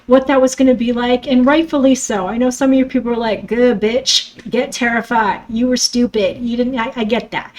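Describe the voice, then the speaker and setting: A middle-aged woman hosting a podcast, telling a personal story in a candid, profane way, trailing off and restarting, sometimes dropping to a hush and sometimes breaking into loud outbursts. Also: fairly high pitch, poor audio. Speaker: podcast host.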